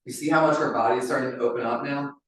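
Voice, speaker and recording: A man's voice: mid-range voice, fairly even intonation, racing, a bit bright. A man coaches a group through a live demonstration, chatty and checking in with "right?" after his points. His voice bounces around a very reverberant room. He sounds some distance from the microphone. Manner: chatty, ends many phrases with "right?". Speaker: wellness coach leading a demonstration. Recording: very echoey room, mic far off.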